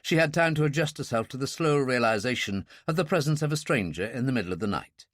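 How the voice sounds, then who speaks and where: A man narrating a first-person thriller audiobook in a dry, measured, wry way. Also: mid-range voice, expressive, fairly bright tone, dry recording.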